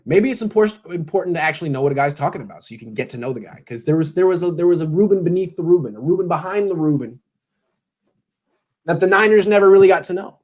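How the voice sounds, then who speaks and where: A man in his thirties hosts a casual sports show, riffing sarcastically and jumping between voices as he tells his stories. His pitch sits a touch high and swings widely as he talks. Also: quick pace. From California. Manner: sarcastic, animated storytelling with mock voices. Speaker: sports blogger and show host. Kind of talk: casual pregame commentary.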